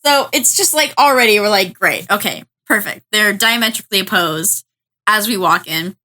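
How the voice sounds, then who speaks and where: A woman's voice: mid-range voice, moderate pace, sharp tone. A woman co-hosting an anime podcast, eagerly recapping episodes in casual chat, often laughing. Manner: enthusiastic, laughs often, acts out characters' lines. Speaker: podcast co-host.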